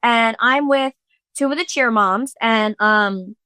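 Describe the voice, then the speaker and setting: Thirties woman host rattling thru a story, swears a lot, lots of "like", bright tense voice, pitched a bit high. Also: slow, smooth, no echo. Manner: breathless, swearing, fillers, re-enacting quotes. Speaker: podcast host. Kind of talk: casual storytelling chat.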